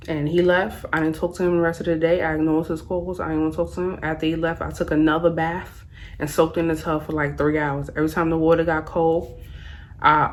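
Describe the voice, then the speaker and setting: A young woman with a notably low voice tells a personal storytime tale to her camera. She speaks frankly and casually, using plenty of slang and rambling with "like" fillers. Faint noise sits under her voice. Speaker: vlogger telling a story. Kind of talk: storytime vlog.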